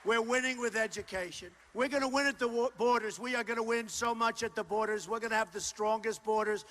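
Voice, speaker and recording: A man in his sixties giving a loud, ad-libbed campaign rally speech, often repeating his lines. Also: high voice, fairly even intonation, brisk. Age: 60s. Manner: loud, repetitive, ad-libbed crowd address. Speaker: political candidate. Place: large rally hall.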